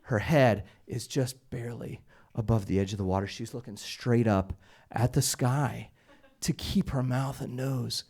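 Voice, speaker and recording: A man's voice: lowish voice, a little mellow. A man telling a personal story at a live storytelling night, conversational and wry, with a humorous edge. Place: small live event stage.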